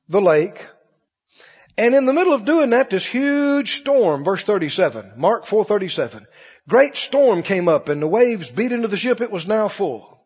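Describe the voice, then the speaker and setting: A man's voice: high voice, breathy edge. A man preaching a sermon, telling stories and swinging his voice up and down for emphasis. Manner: storytelling preacher, rising and dropping emphatically. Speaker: pastor. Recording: dull lo-fi recording in a reverberant hall.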